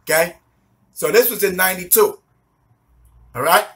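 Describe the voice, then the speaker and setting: High, bright-voiced New man telling his story. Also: normal speed. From New York City. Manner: swears a lot, street slang, keeps asking if you follow; laughs often while telling the story. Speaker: minister giving a testimony. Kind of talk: animated storytelling testimony.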